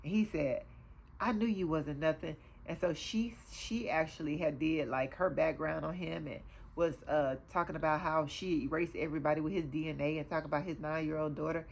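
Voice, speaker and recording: A woman hosting her own show, chatting through an episode recap in a loose, animated way with lots of fillers. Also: low-pitched, normal speed, gravelly, slight background noise. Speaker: TV show reviewer, host.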